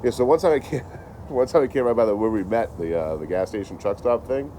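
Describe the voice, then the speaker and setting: A man's voice: on the low side, a little fast, dark tone, slight background noise. A man chatting casually on a livestream, rambling and swearing, laughing often as he tells stories. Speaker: traveling livestreamer.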